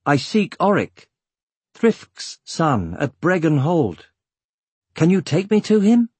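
A man doing an earnest young hero, higher voice. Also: very animated, takes it slowly, no room sound, heavily acted. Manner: earnest, clear, emphatic. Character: earnest young male hero, polite and direct.

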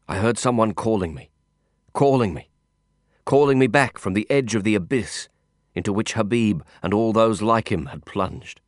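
A man giving scripted first-person audiobook narration in a measured, intense storytelling manner. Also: lowish voice, no echo, studio quality.

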